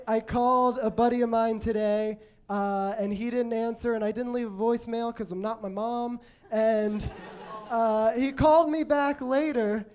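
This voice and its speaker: A man telling stories in a stand-up set on a comedy club stage, halting and self-deprecating, with many restarts. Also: very high-pitched, a little mellow, smooth. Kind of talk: stand-up storytelling.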